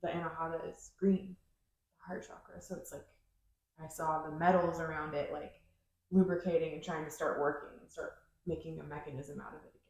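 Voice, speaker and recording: A woman's voice: sits low, flat delivery, fairly quick, darkish tone. A woman podcast host in casual chat, rambling and searching for her words with many fillers. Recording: very echoey room.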